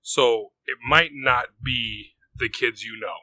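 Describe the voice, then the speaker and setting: A man with a very bright, forward voice chats on a podcast, rambling through a family story with casual swearing. He acts out the lines of the people in his story. The sound is dry and close, with no room echo. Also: mid-range voice, takes it slowly. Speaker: podcast co-host. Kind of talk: casual chat.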